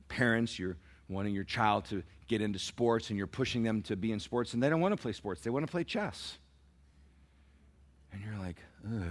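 A middle-aged man preaching a sermon to parents, swinging from soft, near-whispered lines to loud emphatic peaks and acting out dialogue as he tells stories. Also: on the low side. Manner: acts out quoted dialogue in a storytelling sermon. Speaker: pastor.

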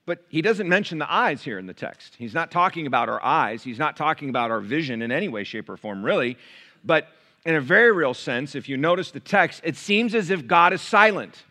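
A man preaching a sermon to his church, shifting from quiet, close asides to loud, raised passages. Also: fairly high pitch, lively intonation, a little fast. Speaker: pastor. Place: church sanctuary.

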